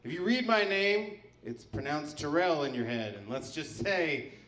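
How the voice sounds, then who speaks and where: Male comedian, slightly high voice, deadpan stand-up, echoey room. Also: a little slow.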